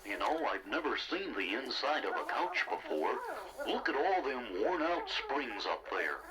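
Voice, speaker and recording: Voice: medium pitch, very animated, unhurried, over a noisy crowd, poor audio. A performer voicing a hungry, easygoing male caterpillar-like creature with a folksy drawl in a storybook cassette. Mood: curious. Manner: greedy, easygoing, talks with mouth full. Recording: loud music bed.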